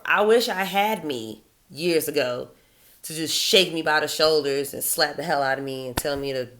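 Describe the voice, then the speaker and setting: A woman's voice: low-pitched, fairly bright tone. A woman giving dating advice in a blunt, profane, sardonic monologue. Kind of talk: casual opinionated monologue.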